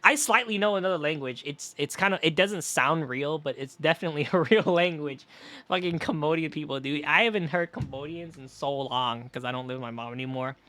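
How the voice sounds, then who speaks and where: A man's voice: a little high, a little fast, sharp tone, no room sound. Young male streamer, casual game chat, rambling and profane, at home. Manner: rambling, profane, with many fillers and restarts.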